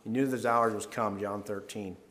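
A man leading a devotional Bible talk. He reads scripture aloud and talks it through earnestly, rising in pitch and volume to stress key verses. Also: steady tone, fairly quick, a bit bright.

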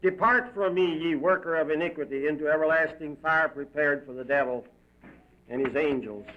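A man's voice: on the high side, normal speed, close to an everyday voice. A man voicing a stern judge of heaven solemnly pronouncing sentence. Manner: solemn, declaiming. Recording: dull lo-fi recording.

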